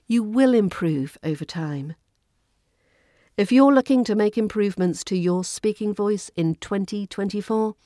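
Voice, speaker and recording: A woman with a Southern English RP accent hosting a podcast lesson in a clear, measured, instructive way. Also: medium pitch, darkish tone, no room sound, clean studio sound. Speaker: accent coach and podcast host.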